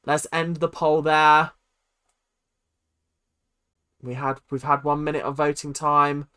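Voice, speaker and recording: A woman's voice: deep voice, level tone, moderate pace, a bit bright, clear, resonant tone. A young British woman hosting a live stream awards show, chatting casually with viewers and reacting dramatically. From United Kingdom.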